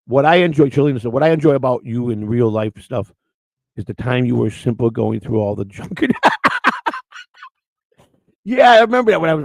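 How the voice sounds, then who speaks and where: Gravelly guy hosting his stream, kinda choked up, rambles and repeats himself. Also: mid-range voice, a little mellow, dry recording. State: emotional, near tears. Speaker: show host. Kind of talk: emotional live-stream chat.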